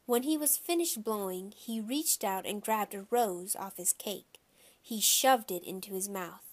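A woman reads a children's chapter book aloud in a lively, expressive manner. Her pitch sits in the middle range. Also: unhurried. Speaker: audiobook narrator. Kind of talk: scripted children's audiobook narration.

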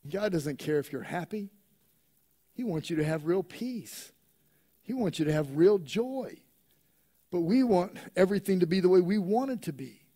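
A man pastor preaching a sermon, emphatic, swinging between quiet reflection and loud urgent preaching in a church. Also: high-pitched, expressive, normal speed, long pauses.

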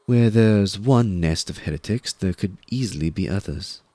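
A man voicing a poised, grim female Inquisitor in an audiobook reading, speaking crisply and with authority. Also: on the low side, lively intonation, normal speed, dark tone, no room sound, voice pushed up. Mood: commanding. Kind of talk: audiobook character voice.

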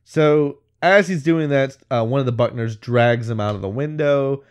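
A man's voice: medium pitch, moderate pace, clean tone. Rambling man recapping a movie. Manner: rambling, full of "like" and "whatever", laughs mid-sentence. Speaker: podcast co-host. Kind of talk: casual movie recap chat.

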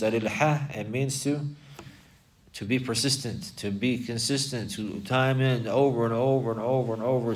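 Low-voiced man teaching a religious class. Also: far from the mic, a little hiss or hum. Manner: repeats key phrases, explains word by word.

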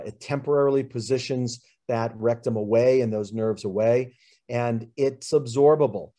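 A man's voice: mid-range voice, warm tone. A man who is a urologist giving a webinar presentation, explaining slides in plain terms with frequent fillers.

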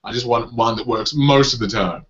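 Bright-voiced Australian comedian, lo-fi sound. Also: male voice, mid-range voice, normal speed. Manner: chatty, self-deprecating, acts out crowd reactions. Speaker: comedian guest. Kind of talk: casual interview chat.

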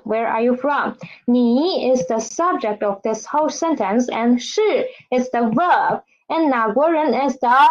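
A woman's voice: on the high side, lo-fi sound. A woman teaching a beginner language lesson, saying each word twice and asking students to repeat after her. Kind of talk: slow spoken language lesson with drills.

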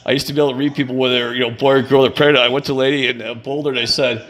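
A man's voice: medium pitch, little pitch movement, very fast, fairly bright tone. A middle-aged man telling rambling personal stories in a casual vlog, laughing often and running himself down. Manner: chatty, laughs often, self-deprecating. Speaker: vlogger.

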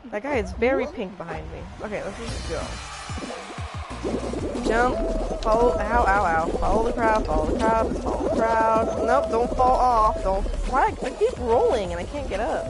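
A young woman streaming live, excitedly talking to herself and her chat as she plays. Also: on the high side, moderate pace. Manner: excitable, talks to herself and chat while playing. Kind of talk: live gameplay commentary. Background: game music.

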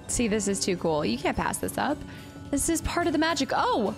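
A young woman talks through her video game playthrough, chatty and easily delighted. Her voice sits a little high, with quiet game music underneath. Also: normal speed. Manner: excitable, chatty, thinking aloud. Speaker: streamer playing a video game. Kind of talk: casual let's-play commentary.

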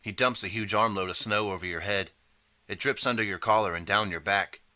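A man reading a second-person interactive audiobook in steady, measured narration. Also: lowish voice, no echo.

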